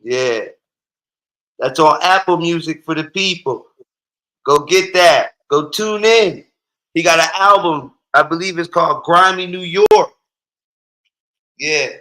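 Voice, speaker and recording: A man's voice: on the high side, a little slow, pauses often, bright, forceful tone, roomy sound, rough recording. A man in casual chat, talking in a hyping, promotional way.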